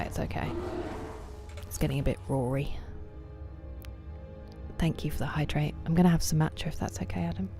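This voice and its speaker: A woman livestreaming a game late at night, casually answering viewers' chat messages by name and often slipping into a soft half-whisper. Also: low-pitched, moderate pace, gravelly, long pauses, over music.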